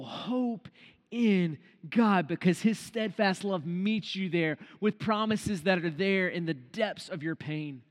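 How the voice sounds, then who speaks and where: A man preaching an earnest devotional sermon who slows down to stress key phrases. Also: sits high. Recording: long reverb tail.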